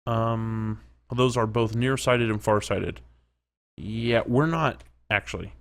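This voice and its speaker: A man's voice: lowish voice, takes it slowly, clean tone. A man narrating his own game play, chatting and reacting aloud, at times dropping to a whisper. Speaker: gaming commentator. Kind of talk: let's play commentary.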